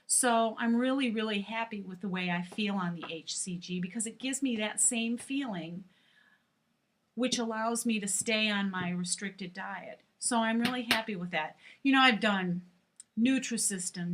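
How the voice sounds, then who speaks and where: A woman's voice: medium pitch, a bit bright. A middle-aged woman chatting frankly to camera in a casual vlog, with many fillers. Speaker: vlogger.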